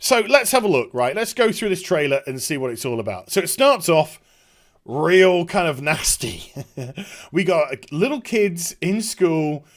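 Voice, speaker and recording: Sarcastic man with lively pitch. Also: unhurried. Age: middle-aged. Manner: sarcastic, mocking, chuckling asides. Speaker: YouTube commentator. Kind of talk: casual trailer reaction commentary.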